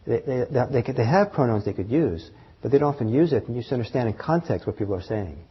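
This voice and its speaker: A man teaching meditation to a live group, talking in a halting way with fillers, restarts and soft chuckles. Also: medium pitch, animated, slightly rough. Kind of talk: dharma talk to a group. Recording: dull lo-fi talk recording.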